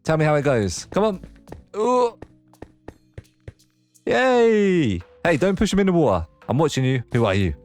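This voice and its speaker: A man's voice: on the high side, very animated, fast, few pauses, darkish tone. A young man talks his way through a let's play, his voice swinging widely up and down as he goes. He chats fondly to the creatures on screen like old friends. Faint music plays underneath. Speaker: gaming video host. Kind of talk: casual let's play commentary.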